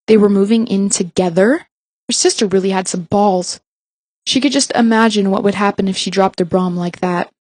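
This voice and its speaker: A woman narrating fiction aloud in a mid-pitched voice. She reads evenly, with the odd slip and restart left in. The sound is dry and close, with no room around it. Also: dry recording. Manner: even reading with small slips and restarts. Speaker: audiobook reader.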